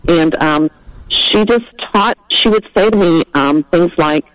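A middle-aged woman calling in to a radio show, telling a heartfelt story in a halting way with many ums. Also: lowish voice, no room sound, low-quality recording. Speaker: caller. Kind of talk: call-in radio testimony.

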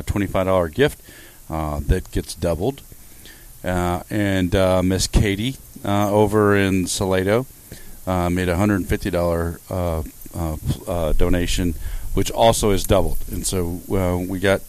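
A man's voice: low-pitched, fairly even intonation, measured pace, clean tone. A man hosting a radio pledge drive, thanking donors in a rambling way full of uhs. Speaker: radio host.

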